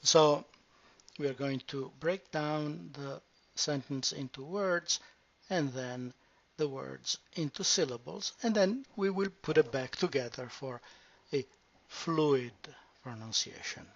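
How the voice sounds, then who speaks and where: A woman teaching pronunciation, modelling each word slowly and deliberately. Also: deep voice. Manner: slow, deliberate, drawn-out modelling of words. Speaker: language teacher. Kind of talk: slow pronunciation lesson. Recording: muffled lo-fi recording.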